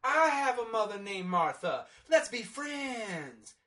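A man's voice: high voice, very animated, slow, pitched above the performer's own voice, full character voice. A man mocking a dim, overexcited hero. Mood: mock shock. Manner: shouting, exaggerated.

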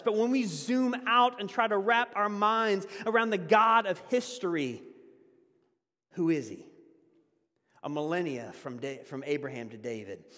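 A pastor with a high-sitting voice delivers a conversational sermon, laughing often and shifting between loud emphasis and quiet asides. The sound has a big-room quality.

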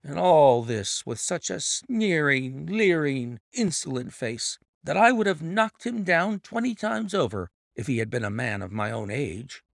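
A man reads an earnest young man recounting troubles in a storybook reading. The delivery is agitated and swings widely in pitch. The voice has a gravelly edge. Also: very animated, a little slow, few pauses, no echo, studio quality, exaggerated voice. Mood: indignant. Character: distressed young man telling his tale.

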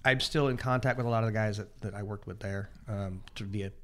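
A man's voice: fairly low pitch, steady tone, a little fast, fairly bright tone. Male guest, 40s, from the American South, loose anecdotal storyteller with frequent restarts. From Southern United States. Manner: rambling, descriptive storyteller with many restarts. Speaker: chef guest. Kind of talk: casual podcast conversation.

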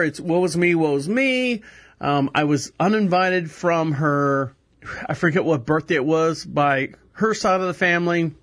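A man's voice: high voice, a bit bright. A man hosting a live podcast in a small studio, rambling casually and laughing at himself, on a close headset mic. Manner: rambling, self-deprecating, laughs often. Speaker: podcast host. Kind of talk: casual live show monologue. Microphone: headphones with microphone close to face.

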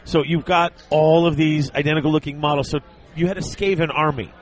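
A man hosting a podcast in easygoing, chatty talk, full of quick asides to his guests. His voice sits a little above the usual male range. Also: a little high, steady tone. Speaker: podcast host. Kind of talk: casual chat.

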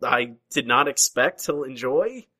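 A man's voice: mid-range voice, expressive, a little slow, pushed and bright, rough recording. A man hosting a casual podcast chat, chatty and easygoing, often restarting his sentences. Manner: chatty, hesitant restarts, laughs easily. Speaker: podcast host.

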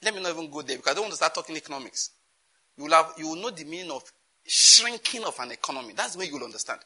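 Nigerian male pastor, sermon delivery, animated and questioning, very forceful and tense tone. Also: fairly high pitch, racing, slightly rough. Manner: animated, rhetorical questions, laughs often.

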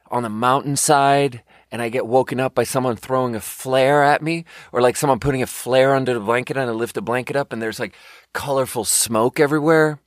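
A man's voice: medium pitch, dry recording, clean studio sound. A young adult man ranting in a casual podcast chat, exasperated and profane, rambling with many fillers. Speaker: podcast host. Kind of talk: casual rant.

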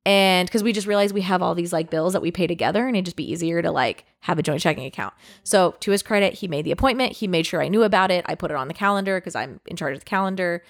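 A woman's voice: on the low side, fast talker, hardly any pauses. A young woman co-hosting a podcast, telling a long personal story in casual chat, rambling with many fillers and frequent swearing. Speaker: podcast co-host.

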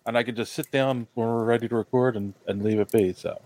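A man's voice: mid-range voice, steady tone, fast talker, warm tone, no room sound. Rambling man with a dry voice. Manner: rambling, many fillers like "you know". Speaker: podcast co-host. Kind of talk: casual chat.

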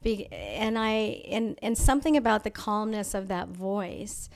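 A woman being interviewed, telling a personal story in a thoughtful, measured way with frequent pauses and restarts. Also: mid-range voice, lively intonation, gravelly. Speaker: interview guest. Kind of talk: reflective personal storytelling in conversation.

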